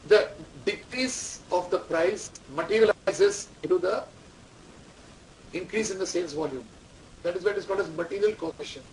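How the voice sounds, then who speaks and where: A man giving a classroom lecture, repeating key terms and quizzing students. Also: sits high. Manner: repetitive, quizzing the class, dictating instructions. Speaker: management lecturer. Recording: distant mic, faint room noise.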